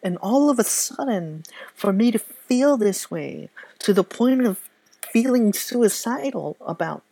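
A woman giving a personal faith testimony in a soft-spoken, halting, reflective way. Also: mid-range voice, animated, creaky, breathy edge, no echo. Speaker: speaker sharing a faith testimony.

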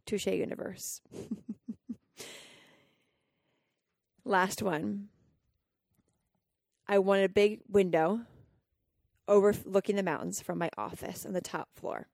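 A woman's voice: mid-range voice, fairly even intonation, measured pace, gravelly, pauses often, darkish tone, no room sound, studio quality. A woman hosting a podcast, telling a personal story earnestly and emotionally, acting out her own inner dialogue. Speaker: podcast host and coach.

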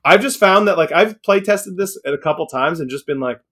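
A man's voice: on the high side, fairly quick, few pauses, a bit bright. A young man co-hosting a casual card game chat, rambling and opinionated. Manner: rambling, opinionated, frequent restarts and laughs. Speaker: card game podcast co-host.

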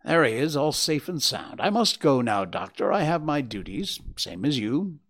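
A brisk, dutiful helper who is matter-of-fact about his duties, played by a male reader. The voice is plain and businesslike with a gravelly grain and a lively lilt. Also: mid-range voice. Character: helpful male railway guard, brisk and dutiful.

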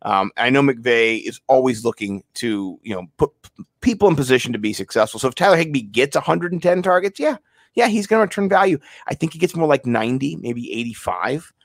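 Male podcast co-host, mid-range voice, rambling and excitable, reads sponsor plugs in a dry booth. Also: mid-range voice, a little fast, vocal fry, no echo. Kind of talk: casual sports podcast chat.

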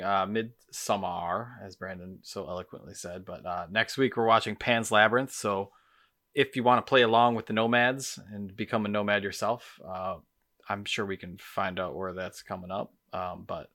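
Chill podcast cohost dude, bright edgy voice, bit low. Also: male voice. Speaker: podcast co-host. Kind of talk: casual podcast chat.

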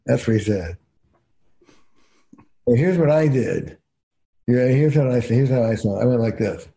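An older man from New Jersey, a couples therapist, telling stories in an animated, emphatic way in a casual podcast chat. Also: medium pitch, moderate pace, gravelly, long pauses.

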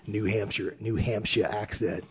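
A man with a low, deeply husky voice tells stories in a casual, animated way and acts out quoted remarks. The recording sounds dull and lo-fi. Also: measured pace. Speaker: podcast guest, former Navy platoon officer. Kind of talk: casual storytelling.

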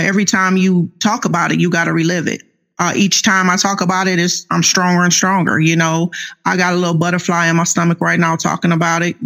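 Gravelly-voiced woman in her fifties. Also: lowish voice, fairly bright tone. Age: 50s. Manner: slow, earnest, faith-filled storytelling. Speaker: author guest. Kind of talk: personal testimony interview.

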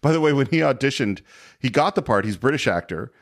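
A man's voice: mid-range voice, animated, quick pace, no room sound, clean studio sound. A man hosting a podcast in casual chat, telling the story enthusiastically. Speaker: podcast host.

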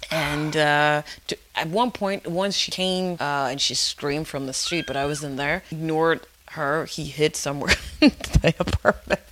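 A woman's voice: low-pitched, unhurried, background noise. A woman hosting a podcast, telling stories in a chatty, self-mocking way with playful jokes. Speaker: podcast host. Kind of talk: casual podcast chat.

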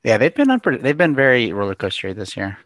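A man co-hosting a casual chat, easygoing and quick to chime in with agreement. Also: mid-range voice, huge pitch swings, fairly bright tone, no room sound, clean studio sound. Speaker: co-host.

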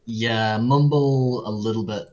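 A man's voice: lowish voice, slow pace, a little mellow, dull audio. A British man guesting on a podcast in casual interview chat, with a dry, wry humour.

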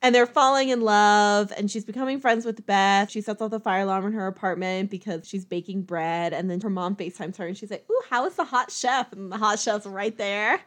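A woman casually retelling a movie plot, chatty, with quick asides and little acted-out quotes. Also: mid-range voice, steady tone. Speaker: movie recapper.

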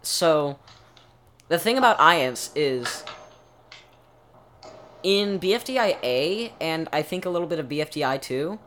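A man's voice: fairly high pitch, animated, a little slow, pauses often, fairly bright tone, a little hiss or hum. A man co-hosting a podcast, chatting casually and rambling through explanations with many restarts. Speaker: podcast co-host. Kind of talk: casual chat.

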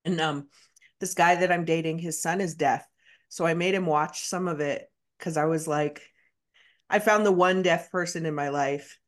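A woman in a casual podcast discussion, telling a story in a chatty, animated way. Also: deep voice, moderate pace.

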